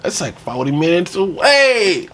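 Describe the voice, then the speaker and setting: Animated, profane young man reacting. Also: high-pitched, measured pace, background noise. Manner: blunt, profane, laughing, animated. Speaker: reaction host. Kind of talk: casual reaction commentary.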